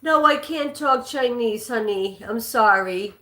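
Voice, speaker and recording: A woman's voice: a little high, measured pace, bright, forceful tone. A woman hosting a live-stream trivia game, chatting with viewers and reading questions aloud, sometimes stumbling and restarting a line. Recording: echoey room.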